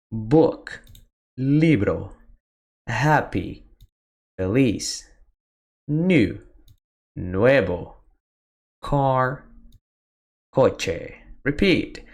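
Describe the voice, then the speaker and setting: A teacher giving a beginner Spanish lesson, drilling words and phrases slowly with pauses for the listener to repeat. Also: medium pitch, creaky. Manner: slow, deliberate drilling with pauses for repetition. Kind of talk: slow beginner language lesson.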